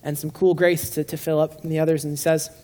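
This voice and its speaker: A preacher with a dark, mid-range voice talks fast with a flat delivery, giving a relaxed, joking sermon before a live congregation. His phrases often stumble and start over.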